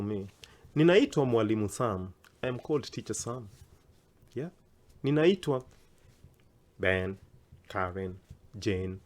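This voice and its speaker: A male language teacher drilling phrases slowly and carefully, stressing the rising pitch of questions. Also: a little mellow. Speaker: Swahili teacher. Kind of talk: language lesson.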